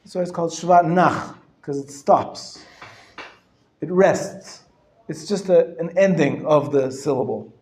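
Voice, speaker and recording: A male rabbi teaching a live class, explaining patiently and sounding words out slowly, often clearing his throat and chuckling. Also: a little high, a little mellow. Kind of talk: live classroom lesson on Hebrew reading. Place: lecture room. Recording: roomy echo from a live class.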